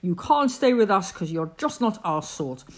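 A woman's voice: mid-range voice, very animated, moderate pace. A woman voicing a group of grumpy, disapproving moose in a bedtime story, scolding.

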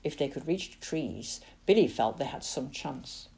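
A woman giving a dramatic, expressive reading of a children's novel as its narrator. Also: rumbling low, normal speed, gravelly, husky. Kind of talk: storybook narration.

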